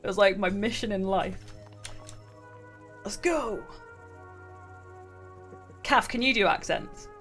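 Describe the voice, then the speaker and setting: A woman co-hosting a casual gaming livestream, chatty and quick to laugh. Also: mid-range voice, a bit bright, faint music behind. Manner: giggly, chatty, laughs often. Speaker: stream co-host. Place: gaming livestream with game music behind.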